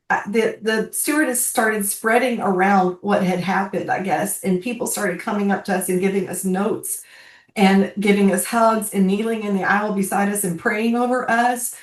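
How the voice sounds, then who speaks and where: Older woman telling a heartfelt story, roomy and distant. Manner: heartfelt, halting, voice climbing high when moved. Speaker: guest speaker, bereaved military mother. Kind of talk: personal storytelling on a webinar.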